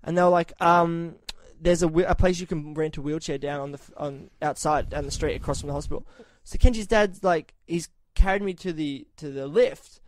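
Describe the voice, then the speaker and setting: A man's voice: a little high, brisk, hardly any pauses, dry recording. A man hosting a podcast, telling a long profane anecdote in casual chat and acting out the other people in it. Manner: profane, animated anecdotes with quoted voices. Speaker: podcast host.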